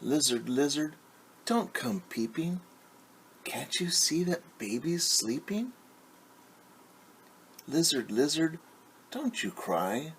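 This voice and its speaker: A tender mother voiced by a male reader coaxes creatures away from her sleeping baby in a soft, lilting lullaby. The voice lifts higher than an everyday speaking voice, with a gravelly grain. The melody swoops up and down at an unhurried pace. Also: very animated, a little hiss or hum, exaggerated voice. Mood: soothing, lilting.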